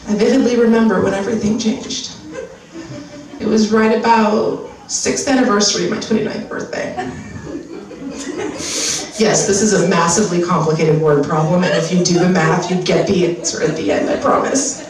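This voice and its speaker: At a live comedy venue, an American stand-up comic in her 30s impersonates a pushy skincare advertiser, telling her bit in a brash, profane, conversational way. Her voice is mid-range, steady and moderately paced, captured from far off in an echoey room with crowd noise.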